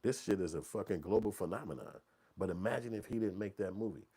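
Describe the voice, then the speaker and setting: A man from in his forties, talks in a loose, profanity-heavy ramble. His voice sits very low and has a soft, mellow tone. He runs his casual commentary as an animated street story. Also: fast talker, husky. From Chicago. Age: 40s. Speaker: movie channel host.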